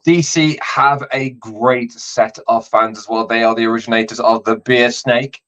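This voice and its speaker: Male podcast host, relaxed chatty delivery full of fillers; middling voice, dull recording. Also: mid-range voice, moderate pace. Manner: explains rules with many fillers. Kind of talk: casual sports podcast chat. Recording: slightly dull lo-fi audio.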